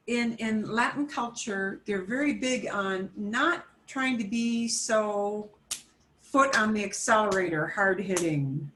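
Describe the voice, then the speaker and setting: A woman's voice: mid-range voice, fairly bright tone. A woman teaching a beginner Spanish lesson, explaining patiently step by step and mixing Spanish phrases into her English.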